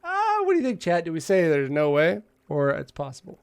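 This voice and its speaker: A man's voice: fairly high pitch, wildly swooping pitch, a little fast, creaky, smooth, dry recording, faint music behind. A man streaming a game, casually reading its dialogue aloud and joking with viewers between lines, on a close desk mic at home. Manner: casual, joking, reads text aloud with asides.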